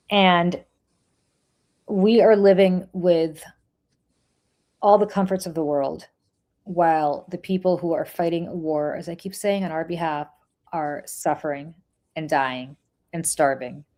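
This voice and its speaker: A woman with a Russian accent co-hosts a political talk show from New York. Her voice sits a little low. She speaks with passion and stresses her words, often stopping and restarting mid-sentence. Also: fairly even intonation, slow, long pauses, darkish tone. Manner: impassioned, emphatic, full of restarts. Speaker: podcast co-host. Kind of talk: casual political chat.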